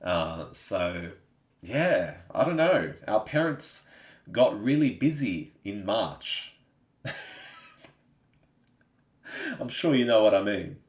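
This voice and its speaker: An Australian man hosts a live stream and chats casually with his viewers. His voice sits low, and he keeps asking "you know what I mean?" The room around him is echoey. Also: big pitch swings, slow pace, long pauses. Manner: chatty, laid-back, says "you know what I mean" often.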